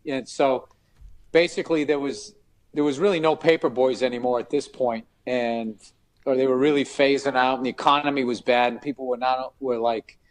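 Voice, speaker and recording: A man co-hosting a podcast, telling an energetic anecdote full of swearing. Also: medium pitch, moderate pace. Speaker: podcast host. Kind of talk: casual storytelling. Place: podcast studio.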